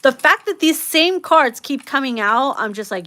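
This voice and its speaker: A woman's voice: high-pitched, expressive, moderate pace, pushed and bright. A woman giving a casual tarot reading, blunt and profane, laughing a lot and acting out quoted lines in slangy voices. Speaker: tarot reader.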